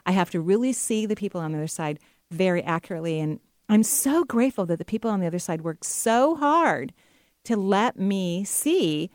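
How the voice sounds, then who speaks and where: A middle-aged woman hosting a talk radio show as a psychic medium, chatty and enthusiastic and quick to laugh. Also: mid-range voice, lively intonation, a little mellow, no echo, studio quality.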